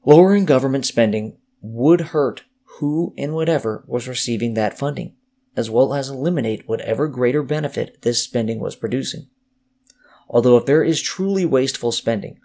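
A man calmly narrating a scripted economics explainer. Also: medium pitch. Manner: measured, explanatory.

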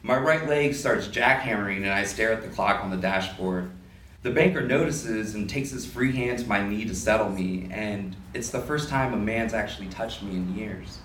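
A man reads a story aloud at a literary event, giving it lively first-person energy. The sound is roomy and a little distant, with faint room ambience behind him. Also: on the low side, normal speed, a little hiss or hum. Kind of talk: reading prose fiction aloud. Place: live reading event indoors.

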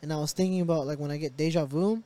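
A young man co-hosting a podcast, slightly higher-pitched than most men. He tells stories in a loose, animated chat style and swears freely. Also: very fast. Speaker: podcast co-host. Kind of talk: casual chat.

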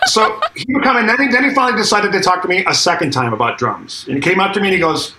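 Talking very fast in a high, expressive voice, a middle-aged guest drummer spins an interview story, voicing quotes and cursing freely. The recording has room echo and faint noise.

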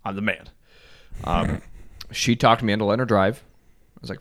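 A man co-hosting a casual podcast, telling animated stories with mock outrage. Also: fairly low pitch, fast talker, vocal fry, pauses often. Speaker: podcast co-host. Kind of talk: casual chat.

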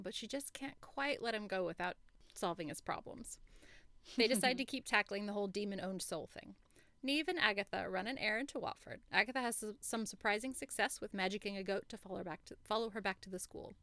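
A woman co-hosting a casual book-club podcast, enthusiastic and animated, laughing easily. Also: mid-range voice, quick pace, dry recording. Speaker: podcast co-host.

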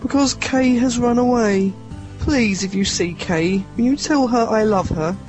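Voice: medium pitch, a little slow, over music, close to an everyday voice. A performer voicing a sad, lovesick talking male polar bear in a comic amateur pantomime. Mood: pleading.

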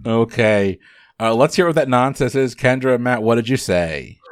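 A man hosting a trivia podcast, running the quiz in brisk, upbeat patter. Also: medium pitch, lively intonation, no room sound, studio quality.

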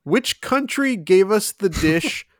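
A young man runs a casual trivia game, taking his time and reasoning out loud between laughs. His voice is smooth and resonant, recorded close and dry with no room sound. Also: high-pitched, animated, slow pace, no room sound. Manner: reads questions aloud, thinks out loud with laughs. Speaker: co-host of a trivia contest.

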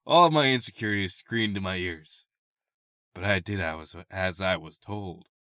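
A man's voice: deep voice, lively intonation, moderate pace, bright, forceful tone, no echo, clean studio sound. A man co-hosting a comedy podcast, reading erotica aloud and breaking into giggles. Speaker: podcast co-host.

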